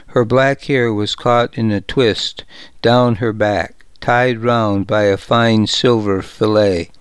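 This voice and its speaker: A man reads a first-person story in a measured, deliberate way, taking his time over each phrase. His voice is smooth and clear, of middle pitch, and sits close and dry with no room sound. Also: dry recording. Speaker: audiobook narrator. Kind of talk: scripted first-person narration.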